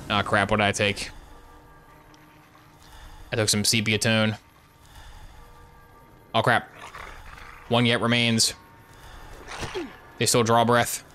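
A man's voice: medium pitch, pushed and bright. A man streaming a game live, joking and bantering with the characters as he plays. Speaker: gaming streamer. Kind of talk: live gameplay commentary.

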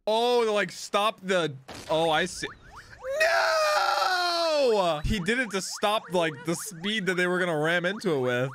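A young man hosting a casual anime reaction video, excitable and exclaiming, swinging between hype and dismay. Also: high voice, moderate pace, very noisy.

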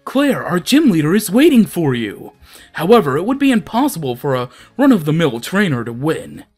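A man's voice: on the high side, very animated, normal speed, a little mellow, soft background music. A young man hosting a casual let's play, chatty, rambling and self-deprecating. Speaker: gaming channel host.

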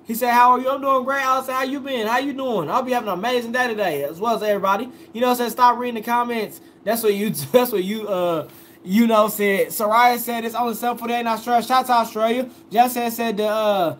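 A man's voice: very high-pitched, fast, fairly bright tone, a little hiss or hum. A young man, a food vlogger, chatting casually on a live stream, reading viewer comments aloud and answering each one.

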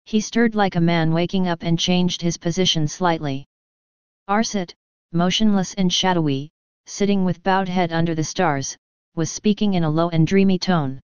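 A woman reading an audiobook story in a slow, measured narration. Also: lowish voice, smooth, no echo, dull audio. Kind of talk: scripted narration.

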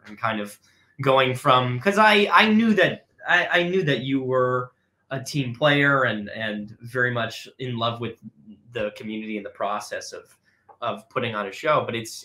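A man's voice: mid-range voice, sharp tone. A young man, an actor, talking casually over a video call, rambling with restarts and frequent laughs. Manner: rambling, hesitant, laughs often. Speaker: actor interviewing with his father. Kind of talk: casual conversational interview.

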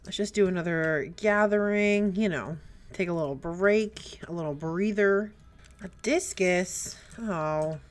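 A young woman giving let's play commentary, chatty and prone to excited squeals and gasps. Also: on the low side, unhurried. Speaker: gaming YouTuber. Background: faint game music.

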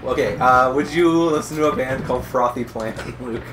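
A young man hosting a casual comedic gaming video, joking around and quick to laugh. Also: medium pitch. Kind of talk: casual comedic gameplay chat. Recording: music playing underneath.

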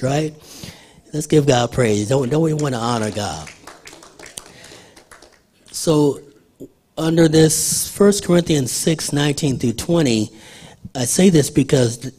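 A man's voice: mid-range voice, darkish tone, breathy edge. An older man preaching a sermon in church in a conversational way, asking the congregation questions. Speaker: pastor.

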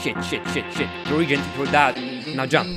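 A man giving excitable gameplay commentary as a gaming video creator, often yelling and joking. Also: mid-range voice, normal speed. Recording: music playing behind.

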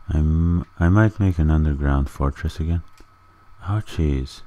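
A man's voice: a bass voice, a little slow, dark tone, dull audio. A man giving goofy, rambling commentary while playing a video game, chatting to the animals in it. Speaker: gaming video creator. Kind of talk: casual gameplay commentary.

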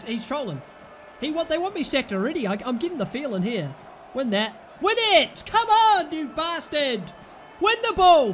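Young British man, gameplay commentator, very high voice, exasperated and shouty. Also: a little hiss or hum. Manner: exasperated, yells at his players and the referee. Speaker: gaming YouTuber.

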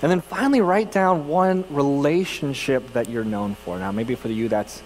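A man's voice: medium pitch, moderate pace, long reverb tail, slight background noise, rough recording. A man from California preaching a sermon as pastor, telling personal stories in a conversational, self-deprecating way with frequent restarts. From California, United States.

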